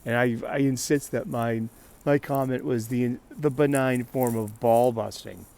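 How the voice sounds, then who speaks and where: A man's voice: mid-range voice, steady tone, a little slow, creaky, darkish tone. A man hosting a casual solo talk show, rambling with frequent restarts and laughter. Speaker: podcast host.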